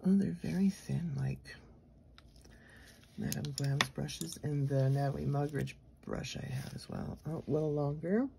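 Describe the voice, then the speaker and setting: A woman vlogger narrating a casual unboxing at her desk, chatty and gushing, murmuring asides softly. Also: low-pitched, lively intonation, a little slow, vocal fry, a little hiss or hum. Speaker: nail art vlogger. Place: home nail studio desk.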